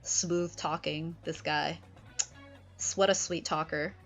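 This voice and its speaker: A woman's voice: deep voice, fairly even intonation, takes it slowly, soft background music. A woman streamer chatting casually about a play, peppering her speech with "like". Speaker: streamer discussing literature. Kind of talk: casual chat.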